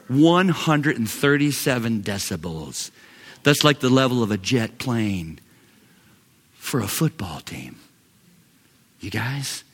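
A pastor preaching a sermon with big swings in volume, from loud calls down to near-whispers, and a slow, emphatic delivery. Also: male voice, medium pitch. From Knoxville, Tennessee. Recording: long hall reverb.

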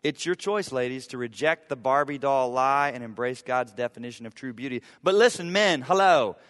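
A man's voice: mid-range voice, moderate pace, fairly bright tone. A man preaching a sermon from the pulpit, talking conversationally and with emphasis, using humor and repeated phrases to drive points home. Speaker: pastor. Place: church sanctuary. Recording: long reverb of a church hall.

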